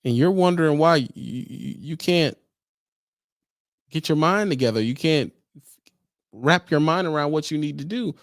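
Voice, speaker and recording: A man's voice: fairly high pitch, normal speed, pauses often, dry recording, studio quality. A man who trains truck drivers, ranting and lecturing in a casual vlog with slang, exasperated and preachy.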